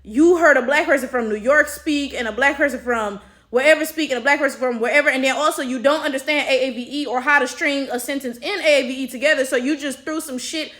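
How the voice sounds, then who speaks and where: A woman's voice: sits high, fast, a bit bright. A woman with an African American accent giving blunt, exasperated commentary and swearing freely. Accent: African American English. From United States. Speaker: commentary vlogger. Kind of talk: opinion commentary.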